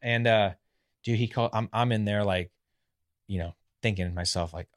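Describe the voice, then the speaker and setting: A former professional pitcher in his thirties, a guest telling his story in a casual, animated way, often acting out what others said. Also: moderate pace. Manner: animated, acts out quotes of others.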